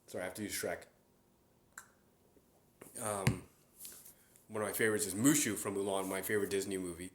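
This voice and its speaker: A man's voice: fairly low pitch, steady tone, brisk, long pauses. A young man hosting a casual solo chat. He rambles, with many fillers and restarts. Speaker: podcast host. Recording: roomy echo.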